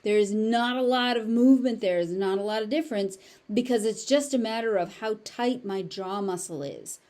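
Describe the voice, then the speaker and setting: A woman with a General American accent teaching pronunciation, repeating each word slowly and enunciating clearly. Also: mid-range voice, darkish tone. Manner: slow, deliberate, exaggerated enunciation of each word. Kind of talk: pronunciation lesson, slow drilled word repetition.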